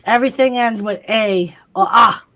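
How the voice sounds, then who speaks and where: A woman's voice: on the high side, normal speed, pushed and bright. A woman with a Massachusetts accent, hosting a casual livestream chat, talking freely and swearing often. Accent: Massachusetts, Lowell. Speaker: host.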